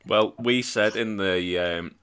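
Man, podcast co-host, very deep voice, deadpan. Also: slow pace, clear, resonant tone. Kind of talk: casual banter.

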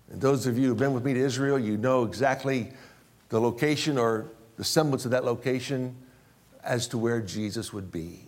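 A male pastor preaching a sermon, repeating key phrases and swinging between loud emphasis and low, slow drops.

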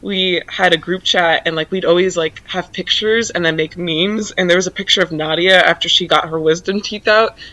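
A woman's voice: lowish voice, fairly even intonation, normal speed, few pauses, bright, forceful tone, dull audio. A young woman guest in casual chat, telling stories in a dry, self-mocking way.

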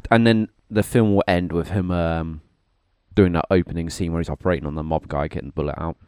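A man co-hosting a casual film podcast, tossing in quick, dry quips. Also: low voice, fairly even intonation, darkish tone, clean tone, no echo. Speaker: podcast co-host. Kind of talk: casual film-review chat.

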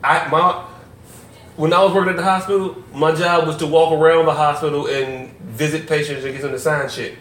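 A man co-hosting a podcast in casual chat, animated and laughing often, stumbling over restarts. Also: on the high side, fairly quick, far from the mic. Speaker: podcast co-host. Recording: roomy, from off-mic, faint noise.

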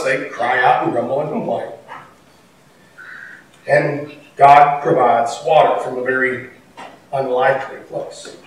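A man's voice: a little high, a little hiss or hum. Distant echoey man preaching a sermon. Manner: conversational preaching, rises to emphatic bursts. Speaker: pastor. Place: church sanctuary. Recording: echoey hall from far off, faint ambience.

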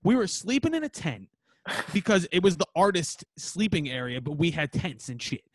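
A man hosting a podcast, swearing freely as he tells animated stories with a voice that swings up and down across a wide range. His voice sits a little high for a man. The sound is dry and close. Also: no room sound. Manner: animated, profane, quick storytelling. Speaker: podcast host and band member. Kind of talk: casual chat, storytelling.

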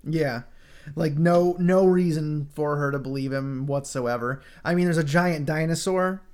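A man's voice: a little high, a little slow, darkish tone. A man in casual conversation recapping a film, rambling with frequent fillers and laughter. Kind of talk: casual chat reviewing a film.

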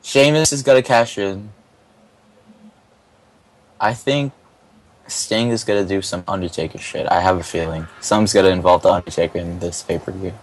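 A man's voice: deep voice, normal speed, long pauses, low-quality recording. A young man co-hosting a casual wrestling podcast, blunt and swearing often. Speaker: podcast co-host.

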